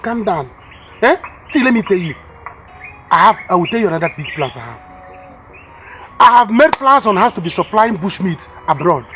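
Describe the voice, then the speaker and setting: A man's voice: high-pitched, fairly bright tone, slight background noise. An actor with a Nigerian English accent playing a boastful village man who stumbles over his words while bragging about big schemes. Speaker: village bushmeat seller. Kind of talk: film drama acting.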